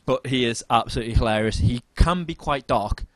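A man's voice: medium pitch, brisk, no room sound. A young man co-hosting a podcast, chatting casually and rambling with lots of ums and self-mocking asides. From United Kingdom. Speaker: podcast co-host. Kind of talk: casual chat.

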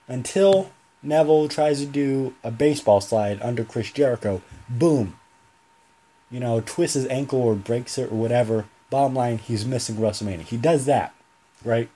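A young man hosts a solo podcast in a loose, rambling way, stopping to correct himself as he goes. His voice is mellow and a little husky. The pitch sits in the middle range for a man. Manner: rambling, self-correcting, chatty. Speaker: podcast host. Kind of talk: casual solo podcast talk.

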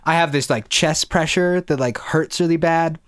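In a laid-back podcast chat, a young male co-host rambles through a long tale, swearing and chuckling throughout. His pitch is fairly high and his pace is normal.

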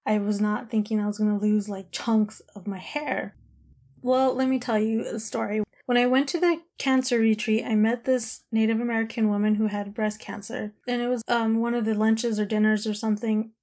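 A woman's voice: a little high, little pitch movement, moderate pace, a little mellow. A woman in her thirties telling a personal story in a candid, emotional, rambling way, full of "like" and "you know".

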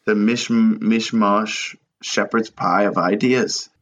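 A man's voice: lowish voice, steady tone, slow pace, fairly bright tone, lo-fi sound. Crude joking man on a podcast. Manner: crude, joking, slips into mock voices. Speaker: podcast host. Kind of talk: casual comedic chat.

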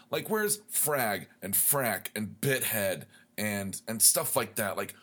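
A man's voice: lowish voice, very animated, a little slow, hardly any pauses, fairly bright tone. A man hosting a podcast, ranting in a worked-up, profane, rambling way. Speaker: podcast host. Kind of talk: comedic rant.

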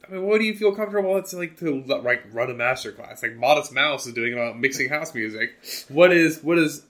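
A young man in casual conversation who leads with questions and pokes fun at his co-host. He speaks with a playful, bantering manner and often restarts his sentences. His pitch is ordinary for a man. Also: lively intonation, a bit bright. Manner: playful, teasing, quick to push back. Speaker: podcast co-host. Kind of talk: casual chat.

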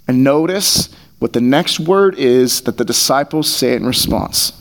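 Speaking into a headset microphone taped to his face, a man preaching as pastor in a church hall keeps things conversational and earnest and repeats phrases to drive points home. His medium-pitched voice is animated and measured in pace.

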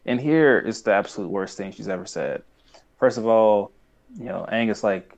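Young guy rambling about a cartoon, lowish voice, acts out the lines. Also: moderate pace, a little mellow, dull audio. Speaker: podcast co-host. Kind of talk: casual chat recapping a cartoon.

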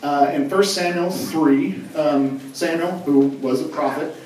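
A young male youth pastor preaching in a relaxed, joking way, his voice sitting a bit high. He is heard from a distance in a big church hall full of echo, with faint background hum. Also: unhurried. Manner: casual, joking, conversational preaching. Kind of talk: sermon. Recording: echoey hall from far off.

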